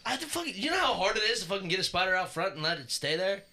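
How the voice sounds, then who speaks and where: A casual man on a podcast with a very bright, cutting tone. He swears constantly and tells stories with a lot of energy, and his voice rises into near-shouts when he gets worked up. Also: high-pitched, very fast, slight background noise. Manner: profane, animated storyteller who shouts when excited. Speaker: podcast co-host. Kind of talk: casual chat.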